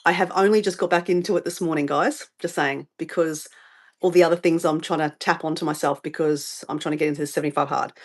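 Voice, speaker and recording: A woman's voice: low-pitched, steady tone, quick pace. A middle-aged woman with an Australian accent, chatting casually on a live stream, rambling and getting sidetracked as she answers viewer comments. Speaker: vlogger livestreaming her morning routine.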